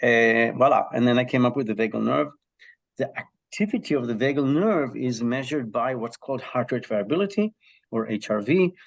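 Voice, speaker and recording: A mid-pitched man from Israel with a gravelly texture, talking as a podcast guest. He tells his story in an animated way, full of ums and restarts, over a video call. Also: normal speed. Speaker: guest, health psychology professor. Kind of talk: conversational interview answer.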